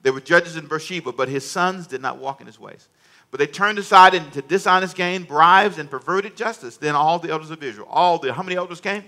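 A man's voice: on the high side, fairly quick, sharp tone. A male pastor preaching a sermon, emphatic and humorous, in a storytelling manner.

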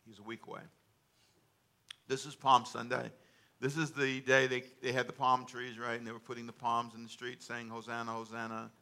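A man preaching a sermon, calling for responses from the congregation and joking with them between loud, emphatic stretches. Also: medium pitch, level tone, moderate pace. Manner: humorous asides to the congregation. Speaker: pastor. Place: church sanctuary.

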